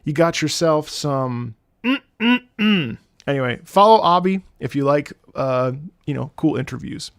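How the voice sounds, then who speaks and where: A man in his late thirties chatting casually as a streamer reacting to game music, excitable and swearing freely as he jumps between topics. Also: on the high side, normal speed, hardly any pauses, clear, resonant tone, dry recording, clean studio sound. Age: late 30s. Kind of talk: casual rambling chat.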